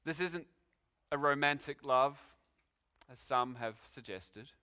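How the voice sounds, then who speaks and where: A man preaching a sermon, his delivery swinging between loud, emphatic declarations and hushed, slow pauses. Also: medium pitch, clear, resonant tone.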